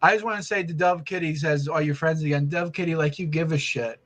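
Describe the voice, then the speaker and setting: A man's voice: fairly high pitch, fairly even intonation, fast talker, a bit bright. A man co-hosting a casual livestream chat, joking and laughing often. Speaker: livestream co-host.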